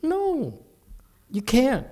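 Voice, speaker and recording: He speaks extremely high and very slowly in a conversational Buddhist lecture held in a temple hall. The delivery is animated, sprinkled with chuckling asides to those present.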